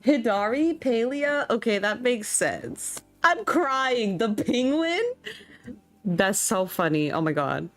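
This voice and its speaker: A woman's voice: fairly high pitch, very animated, takes it slowly, no echo. A young woman streaming and chatting casually with her viewers. She reacts to chat and laughs often.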